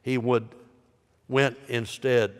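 A middle-aged man preaching a sermon as pastor, swinging from loud, high exhortation to soft, low appeals. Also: little pitch movement, slow, clean tone. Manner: impassioned preaching, rising loud then dropping soft. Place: large church sanctuary. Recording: live sanctuary with long reverb.

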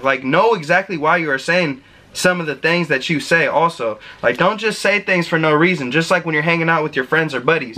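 A man's voice: a little high, bright, forceful tone. A young man hosting a self-help video, talking casually and emphatically to his viewers, with slang and the odd swear word. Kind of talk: casual motivational talk.

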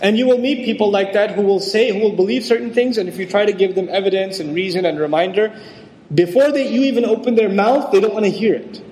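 A man's voice: sits high, quick pace, darkish tone. A man giving a religious lecture on scripture in a conversational way, acting out the voices he quotes. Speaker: Quran lecturer. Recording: echoey hall with long reverb.

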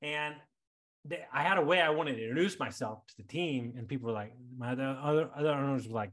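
A man's voice: mid-range voice, quick pace, fairly bright tone. A man hosting a podcast, talking bluntly and casually, repeating words when worked up and swearing freely. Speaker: podcast host.

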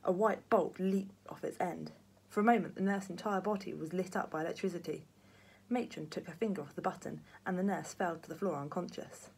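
Husky woman reading a story. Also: fairly low pitch, fairly quick. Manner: lively, expressive storytelling. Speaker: primary school teacher. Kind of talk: reading a children's book aloud.

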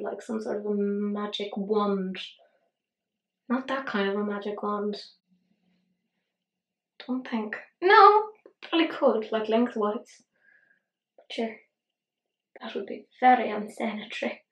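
A tired woman chatting casually through a makeup tutorial, rambling, swearing and poking fun at herself. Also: a little high. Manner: rambling, sweary, self-deprecating. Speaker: beauty vlogger. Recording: roomy echo.

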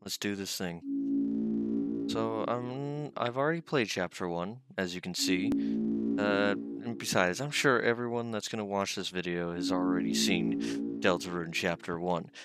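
Low-voiced young man on a let's-play. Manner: jokey, reads game text aloud. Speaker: gaming channel host. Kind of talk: casual let's-play commentary.

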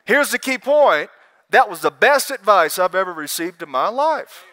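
Preacher, high bright voice, lively storyteller. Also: male voice, moderate pace. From Alabama. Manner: animated storytelling, acts out quoted voices, laughs often. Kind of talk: testimony sermon at a conference. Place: conference hall with live audience.

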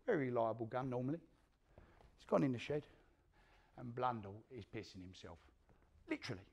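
A man's voice: medium pitch, lively intonation, fairly quick, gravelly, husky. An actor with a London accent playing a hard, spiteful male gangster who recounts a brutal feud in a coarse, swearing theatrical monologue, re-enacting the scenes as he goes. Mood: grim boasting. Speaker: actor performing a stage monologue.

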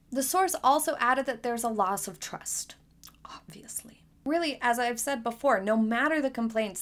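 A young adult woman hosting her own channel, giving blunt, scornful commentary in a lecturing tone. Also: mid-range voice. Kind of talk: opinionated scripted commentary.

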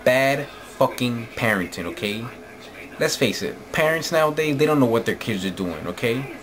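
A man's voice: mid-range voice, expressive, moderate pace. A man from New Jersey ranting angrily and profanely into the camera late at night, often repeating "you know what I'm saying.". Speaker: vlogger. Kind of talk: late-night opinion rant.

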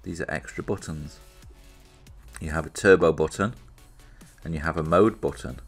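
A British man with an unusually deep, low-pitched voice talks through a gadget unboxing in a loose, chatty way. He thinks aloud and pokes fun at himself. Quiet music plays faintly underneath. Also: normal speed, creaky. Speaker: reviewer presenting an unboxing. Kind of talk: casual product demonstration.

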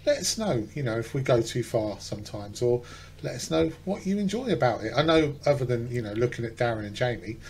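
A man's voice: medium pitch, lively intonation, brisk, gravelly, slight background noise. Jokey British man hosting a podcast. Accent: British English. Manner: jokey, teasing. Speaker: podcast host. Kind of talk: casual chat.

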